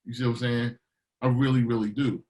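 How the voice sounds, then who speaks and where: This mid-range male voice moves briskly through a low-quality recording. He's a middle-aged DJ and producer from Baltimore, chatting casually in an interview and spinning energetic stories where he performs other people's lines.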